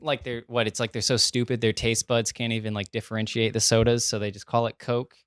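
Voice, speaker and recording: A man's voice: mid-range voice, level tone, brisk, fairly bright tone, smooth, dry recording, studio quality. A young man co-hosting a podcast in casual chat, laid-back with crude joking banter. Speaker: podcast co-host.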